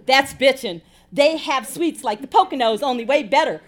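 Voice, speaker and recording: A woman's voice: high voice, animated, moderate pace, pitched above the performer's own voice. A woman voicing a wary, gossipy young housekeeper.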